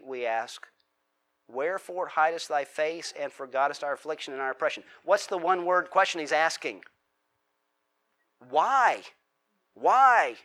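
A man's voice: fairly high pitch, a bit bright. A man preaching a sermon as a pastor, talking casually, asking the congregation questions and acting out heartfelt prayers.

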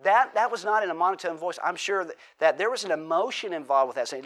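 A man's voice: a little high, quick pace, few pauses, a bit bright. A man preaching a sermon as a pastor, talking casually, asking the congregation questions and acting out heartfelt prayers.

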